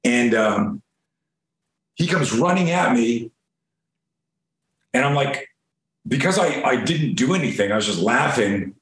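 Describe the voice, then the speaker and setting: A man spins a long, profane story in a relaxed interview. He throws in acted-out bits of dialogue. His middle-pitched voice carries a noticeable room echo. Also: unhurried, pauses often. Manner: profane, animated storyteller acting out quotes. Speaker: guest. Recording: roomy echo.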